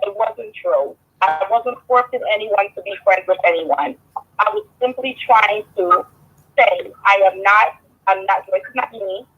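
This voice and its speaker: Woman guest, husky voice, hesitant, heard over a dull lo-fi phone line. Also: mid-range voice, a little slow. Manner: hesitant, restarts and ums. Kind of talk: telling her side in a casual live stream.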